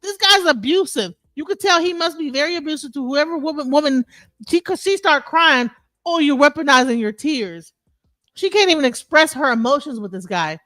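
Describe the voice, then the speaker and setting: A woman's voice: high-pitched, expressive, fairly quick, sharp tone, dry recording. A woman on an online panel, indignant and insulting, often restarting her sentences. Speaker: panel participant. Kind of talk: heated online debate. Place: online audio space.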